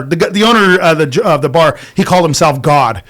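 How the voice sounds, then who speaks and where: Casting: man, fairly high voice, loose profane storyteller with lots of false starts. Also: quick pace, hardly any pauses, fairly bright tone. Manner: rambling, profane, many restarts. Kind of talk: casual storytelling chat.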